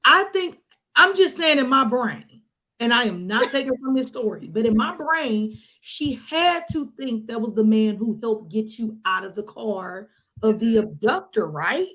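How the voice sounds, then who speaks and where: A woman's voice: fairly high pitch, animated, measured pace, a bit bright, rough recording. A woman hosting a casual conversation who cuts in to ask questions about the story.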